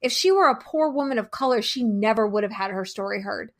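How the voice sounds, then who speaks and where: A woman who is a guest on a podcast, speaking frankly and deliberately and swearing freely. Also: on the high side, lively intonation. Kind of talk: casual podcast conversation.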